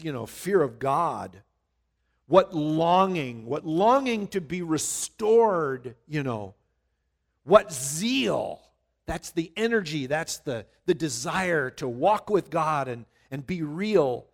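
A man preaching a sermon, reading scripture slowly and loudly, then explaining it in a conversational way. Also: a little high. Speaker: pastor.

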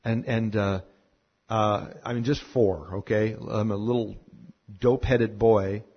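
A man preaching a sermon full of personal stories, animated at moments and then dropping to a hushed tone. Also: lowish voice, measured pace, husky, lo-fi sound. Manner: animated storyteller who drops to a hushed tone. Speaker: pastor.

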